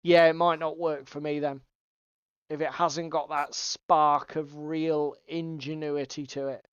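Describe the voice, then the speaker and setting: A man's voice: on the high side, flat delivery, a little slow, clear, resonant tone, no echo, lo-fi sound. A man co-hosting a casual livestream chat, rambling, swearing often and laughing. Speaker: co-host.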